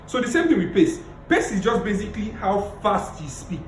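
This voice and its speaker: A man giving a public speaking lecture over a video call, emphatic and repeating key phrases, deliberately playing his tone up and down. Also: high-pitched, sing-song, echoey room, slight background noise, poor audio. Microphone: video call mic.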